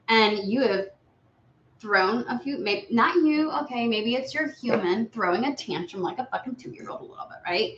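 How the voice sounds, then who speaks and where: A woman giving a casual live tarot reading, blunt and profane, lively and often slipping into quoted voices. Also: a little high, normal speed. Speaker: tarot reader. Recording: echoey room, dull lo-fi sound.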